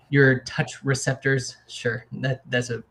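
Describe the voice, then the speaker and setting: A man's voice: medium pitch, level tone, slow, fairly bright tone. A man hosting a casual talk show, rambling with many restarts and acting out little quotes. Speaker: podcast host. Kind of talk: casual chat.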